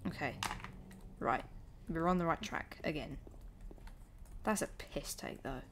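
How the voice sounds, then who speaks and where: A woman's voice: deep voice, expressive, slow pace, pauses often, a bit bright, a little hiss or hum. A British woman streaming a game live, chatting, swearing and laughing as she plays. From United Kingdom. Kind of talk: live gameplay commentary.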